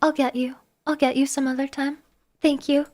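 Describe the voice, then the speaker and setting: A woman live streamer chatting casually with her viewers, animated and exclamatory with a mock-exasperated edge. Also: high voice, normal speed.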